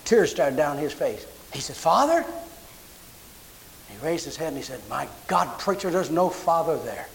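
A man's voice: on the high side, moderate pace, vocal fry, a little hiss or hum, rough recording. A man preaching a sermon, telling personal stories and acting out the voices in them. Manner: animated storyteller acting out quotes. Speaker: pastor.

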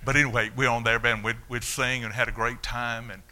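An older man preaching his testimony in a folksy, animated storytelling way. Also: mid-range voice, a little fast. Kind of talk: sermon testimony.

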